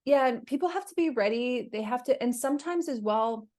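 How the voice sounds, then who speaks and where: A woman hosting a podcast, asking questions and agreeing often in a relaxed conversation. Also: fairly high pitch, fairly quick. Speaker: podcast host. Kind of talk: conversational interview.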